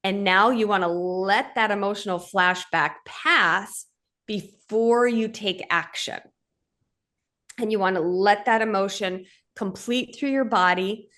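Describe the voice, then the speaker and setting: A woman's voice: mid-range voice, measured pace, a bit bright. A woman hosting a podcast, explaining her ideas in an earnest, direct way and often checking in with the listener. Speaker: podcast host and men's coach. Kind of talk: conversational podcast teaching.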